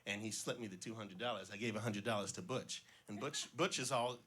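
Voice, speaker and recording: Bright-voiced man telling stage jokes. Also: on the low side, a little fast, slight background noise. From Cincinnati area, Ohio. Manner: relaxed storytelling, slips and restarts, voices jokes' characters lightly. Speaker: stand-up comedian, schoolteacher. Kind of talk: first-time stand-up set of joke stories. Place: small club stage before a live audience.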